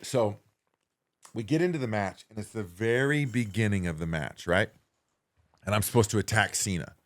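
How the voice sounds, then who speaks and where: Animated low-voiced man telling a story. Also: normal speed. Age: 40s. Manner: animated, swings between loud excited bursts and low quiet asides. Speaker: guest, professional wrestler. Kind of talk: casual interview storytelling.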